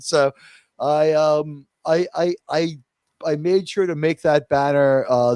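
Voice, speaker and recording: A man's voice: on the high side, fairly even intonation, measured pace, darkish tone, no room sound, clean studio sound. A man hosting a live-stream review chat in a casual, rambling way, full of fillers and restarts. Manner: rambling, many restarts and fillers, quotes others in mock voices. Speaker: host of a live review show.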